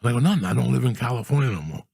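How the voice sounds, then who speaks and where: Gravelly profane man in his sixties. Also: medium pitch, very fast, no echo, clean studio sound. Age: 60s. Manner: profane, animated, mock-outraged rants. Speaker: podcast guest storyteller. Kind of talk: casual comedic storytelling.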